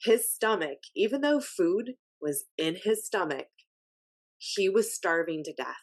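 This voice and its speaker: A woman hosting a podcast, telling a personal story in a casual, animated and emphatic way. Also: lowish voice, unhurried. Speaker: podcast host.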